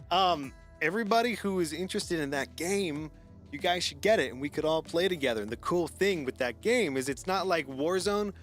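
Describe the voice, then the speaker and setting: A man's voice: on the high side, a bit bright. A man hosting a live gaming stream in casual chat, laughing often and rambling with restarts.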